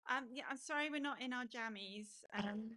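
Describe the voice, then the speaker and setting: A woman's voice: fairly high pitch, moderate pace, pushed and bright, poor audio. A woman co-hosting a casual live stream, making light self-deprecating asides and laughing easily.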